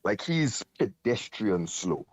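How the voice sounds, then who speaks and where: A man's voice: fairly low pitch, very animated, slow pace, darkish tone, breathy edge, dry recording, highs cut off. A man, co-hosting a casual football chat, blunt and critical, often stammering as he restarts his sentences.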